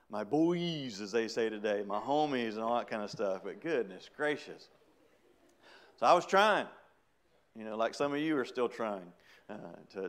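Man, middle-aged, preacher, casual storytelling sermon, laughs often. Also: mid-range voice. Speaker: preacher giving testimony. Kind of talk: sermon testimony.

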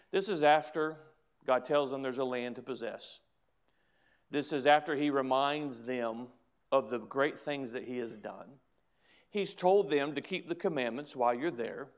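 Preaching a sermon to his congregation, a pastor reads scripture in measured tones, then presses his points with growing fervor. His pitch is ordinary for a man, and he uses repeated phrases to drive each appeal.

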